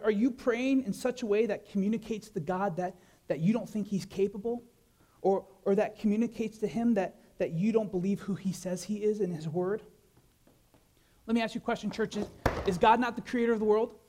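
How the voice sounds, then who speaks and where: A man pastor preaching a sermon, animated, with many rhetorical questions and repeated words. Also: very high-pitched.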